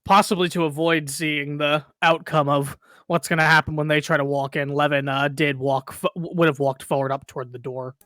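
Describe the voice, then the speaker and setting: Male player, slightly high, careful and hesitant, dry sound. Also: fairly even intonation, fairly quick, few pauses, pushed and bright, no room sound. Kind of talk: playing a tabletop game.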